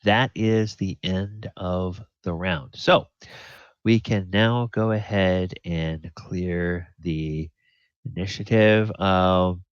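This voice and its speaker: A man running a tabletop game as game master, unhurried and thinking aloud with many fillers. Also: deep voice, steady tone, clean tone, no room sound. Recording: dull lo-fi audio.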